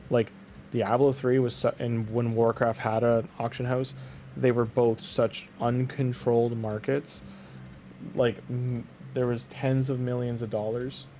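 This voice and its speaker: This young Canadian guy, speaking with a Canadian accent, has a warm, medium-pitched voice with a little hiss or hum on the recording. It's casual game-stream chatter: he rambles, says "like" a lot, and often starts his sentences over.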